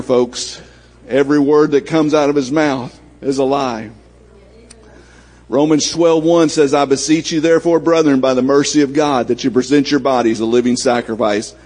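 Husky-voiced preacher, folksy and conversational. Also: male voice, mid-range voice, steady tone, moderate pace, a little mellow. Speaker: pastor. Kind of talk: sermon.

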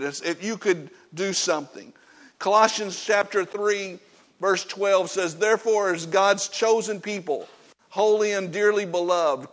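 A man preaching a sermon in a church, emphatic and folksy, swinging from loud points to hushed warnings. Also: high voice. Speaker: pastor.

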